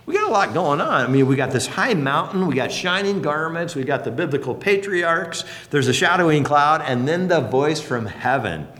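A man preaching a sermon as a pastor, folksy and conversational, with sudden bursts of excitement. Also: fairly high pitch, normal speed, few pauses, long reverb tail. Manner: animated, folksy and conversational, leaps up for exclamations.

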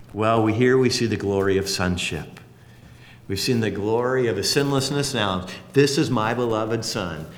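A man preaching a sermon as a pastor, folksy and conversational, with sudden bursts of excitement. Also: lowish voice, big-room sound. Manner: animated, folksy and conversational, leaps up for exclamations.

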